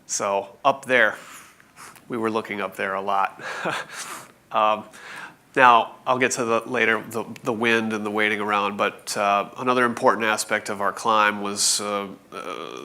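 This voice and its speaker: Bright-voiced man giving a conference talk. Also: fairly low pitch, fairly even intonation. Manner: halting, full of fillers and restarts. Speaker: conference speaker. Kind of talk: presentation talk.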